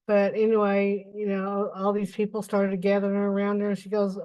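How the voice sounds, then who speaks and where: A woman's voice: mid-range voice, monotone, brisk, darkish tone, poor audio. A woman giving a folksy, emotional personal testimony on a video call. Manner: folksy, emotional, plain-spoken. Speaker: caller.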